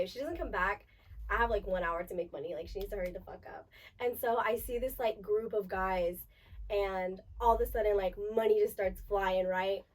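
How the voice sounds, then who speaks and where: A young woman co-hosting a podcast, telling club stories in casual chat with an animated, profane delivery. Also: mid-range voice, recorded from a distance. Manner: animated, profane, bursts of laughter. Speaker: podcast co-host.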